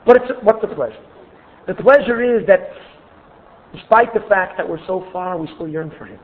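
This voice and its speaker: An earnest man gives a Torah class, expressive and prone to restarting phrases. His voice sits fairly high. The recording is thin and tinny, like a phone line. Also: normal speed. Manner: earnest, expressive, repeats words when restarting. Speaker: Torah teacher.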